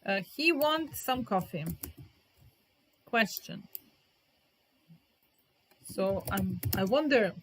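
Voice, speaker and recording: A woman's voice: mid-range voice, expressive, a little hiss or hum. Patient woman teaching grammar. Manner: patient, repeats example sentences slowly; talks to viewers in the chat by name. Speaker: English teacher. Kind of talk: live-streamed grammar lesson.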